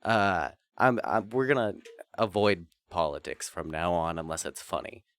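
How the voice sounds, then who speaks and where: A man's voice: deep voice, expressive, moderate pace, a bit bright. A man co-hosting a podcast in casual chat, goofy at times and reflective at others. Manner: goofy, jumps between silly voices and musing. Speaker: podcast co-host.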